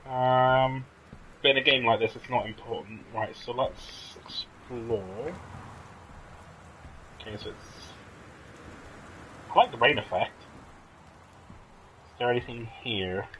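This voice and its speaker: A man's voice: mid-range voice, slow pace, pauses often, fairly bright tone, slight background noise, rough recording. A man casually commenting while he plays and streams a game, thinking aloud and reacting as he explores. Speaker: let's play streamer.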